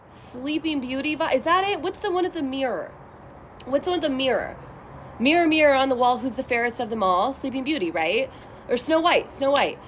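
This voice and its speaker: A young adult woman talks bluntly through a casual tarot reading, swearing freely and getting heated. Her voice sits fairly high and swings widely up and down. A faint hiss runs under the recording. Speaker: tarot reader.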